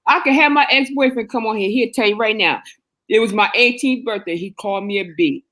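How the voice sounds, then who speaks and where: A woman in casual chat, telling stories in an animated, slangy way. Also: fairly high pitch, a little fast.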